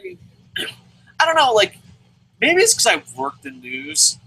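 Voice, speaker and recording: A male wrestling review host chatting casually, animated, swearing and talking in bursts. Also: extremely high pitch, measured pace, husky, low-quality recording. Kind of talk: casual chat.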